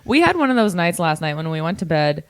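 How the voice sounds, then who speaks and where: A woman co-hosting a relaxed podcast, her voice sitting low and husky with morning grogginess. She rambles through fillers and giggles, recorded close and dry with no room sound. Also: fast talker, no room sound. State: morning voice, lower than usual. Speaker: podcast co-host. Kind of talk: casual chat.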